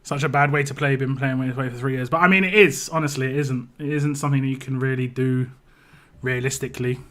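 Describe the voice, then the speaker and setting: A British man chats casually on a live stream, rambling, repeating words and reading the chat aloud. He talks fast in a mid-range voice with fairly even intonation and a fairly bright tone.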